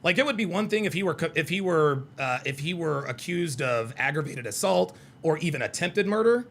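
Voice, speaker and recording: Brief: male call-in host from the American South, high and gravelly, profane and combative. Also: expressive, brisk, a bit bright, slight background noise. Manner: profane, combative, repeats himself. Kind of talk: heated live reaction commentary.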